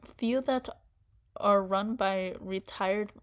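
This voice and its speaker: A woman's voice: medium pitch, takes it slowly, lightly acted. A woman reading the lines of an easygoing young male mechanic in her own voice, plain and friendly. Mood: practical.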